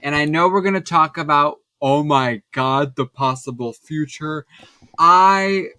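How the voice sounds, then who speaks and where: A man's voice: on the high side, fairly even intonation, moderate pace, pushed and bright, no room sound, clean studio sound. A man co-hosting a podcast in casual chat, dramatic and easily alarmed. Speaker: podcast co-host.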